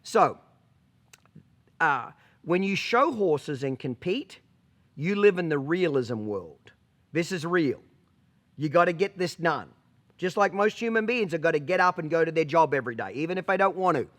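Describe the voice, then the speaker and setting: A man's voice: a little high, animated, moderate pace, pauses often, a bit bright. A man who trains horses, talking bluntly and with profanity to the camera, repeatedly checking "okay?". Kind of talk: casual monologue to camera.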